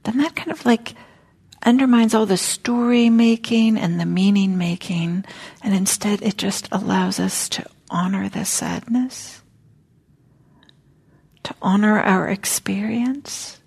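A woman teaching a dharma talk at a meditation hall, speaking gently and reflectively, often dropping near a whisper, with casual fillers. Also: mid-range voice, fairly even intonation, takes it slowly, vocal fry, slightly rough.

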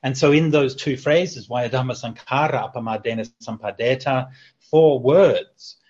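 A man teaching as a Buddhist monk over a video call, his voice a little husky and breathy. He talks in a relaxed, chatty way, with fillers and gentle jokes. The audio is dull and lo-fi. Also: mid-range voice, moderate pace. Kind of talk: online teaching Q&A.

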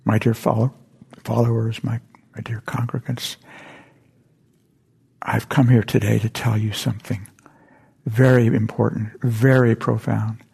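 Man retelling a joke as old master, weepy and grave, dark husky voice. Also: medium pitch, little pitch movement, unhurried, long pauses, full character voice. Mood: solemn. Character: weeping old male spiritual master, solemn.

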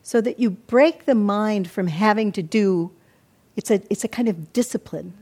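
An older woman teaching meditation in a calm, reflective dharma talk, often acting out her own inner self-talk. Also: medium pitch, normal speed. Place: meditation hall.

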